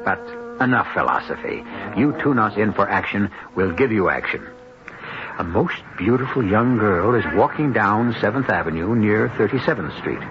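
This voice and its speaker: A man narrating as host of a radio mystery drama, measured and wry. His voice sits low with lively, varied inflection. The lo-fi broadcast sound is dull, with music under it. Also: background noise. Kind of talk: scripted narration.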